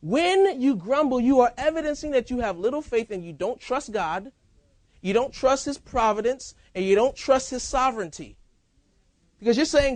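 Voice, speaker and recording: A man preaching a sermon as pastor, in a lively, conversational style with casual banter. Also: extremely high pitch, moderate pace, dry recording. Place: church.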